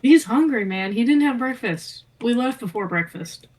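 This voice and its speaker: A woman's voice: fairly high pitch, lively intonation, moderate pace, a little mellow, rough recording. A woman player in a casual tabletop game who talks playfully about her character's actions.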